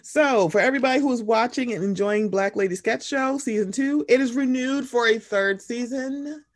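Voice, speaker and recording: A woman co-hosting a podcast in casual chat, animated and expressive, swearing freely. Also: on the high side, normal speed. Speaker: podcast co-host.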